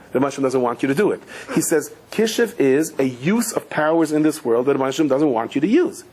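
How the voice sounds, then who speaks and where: A man, a rabbi giving a Torah class, telling stories with light humor and acting out quoted voices, mixing in Yiddish and Hebrew words. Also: husky. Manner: animated storyteller, acts out quoted voices with sudden high pitch.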